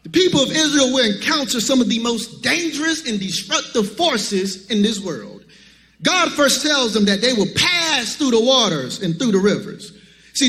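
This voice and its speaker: High, bright-voiced preacher in a hall. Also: male voice. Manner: rhythmic preaching, calls out to the congregation. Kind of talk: sermon.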